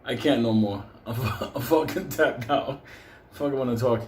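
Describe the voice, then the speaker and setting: Brief: joking, swearing man host in a roomy space with faint noise, loose and rambling, mid-pitched. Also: normal speed, a little mellow. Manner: profane, laughs often, loose and joking. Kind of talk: casual rambling rant.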